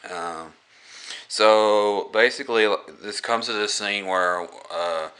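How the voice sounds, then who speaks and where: A man's voice: fairly low pitch, slow pace, pushed and bright, clean tone. A man casually reviewing a film, rambling through the plot with lots of fillers and restarts. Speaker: movie reviewer.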